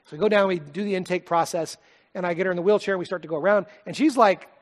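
A man preaching a sermon, telling a personal story in an earnest, heartfelt way and often dropping to a soft, quiet voice. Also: sits high, fast. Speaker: pastor.

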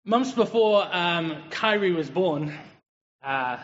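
A high-voiced English man preaching in a relaxed, joking way. His voice rings with a long reverb, as if in a church hall. The sound is a bit dull and muffled. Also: slow. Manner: lively, joking and chatty. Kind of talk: conversational sermon.

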